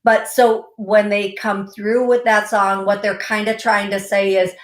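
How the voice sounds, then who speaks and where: Slow-talking woman psychic radio host, roomy sound. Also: mid-range voice, little pitch movement. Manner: warm, giggly, direct advice with repeated warnings. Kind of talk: call-in psychic reading.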